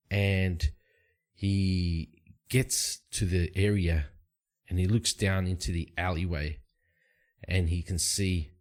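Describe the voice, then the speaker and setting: A man narrating a solo tabletop game in a casual, rambling way, with frequent fillers. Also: sits low.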